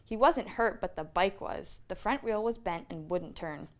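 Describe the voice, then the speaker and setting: A woman storyteller reading a children's picture book aloud in an expressive read-aloud manner. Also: mid-range voice, normal speed.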